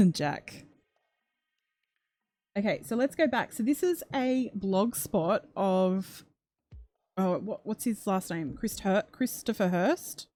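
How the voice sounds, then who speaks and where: A woman's voice: mid-range voice, lively intonation, slow pace, pauses often, dark tone, faint music behind. A woman hosting a true crime livestream in a chatty way, reading out comments and reacting emotionally, gasping and close to tears. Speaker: true crime channel host.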